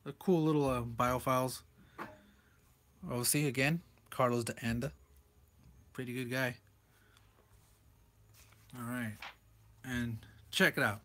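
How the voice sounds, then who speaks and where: A man's voice: medium pitch, fairly even intonation, a little slow, pauses often, bright, forceful tone. A man reviewing a comic book page by page in a loose, rambling way, chuckling often as he talks. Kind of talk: casual comic commentary.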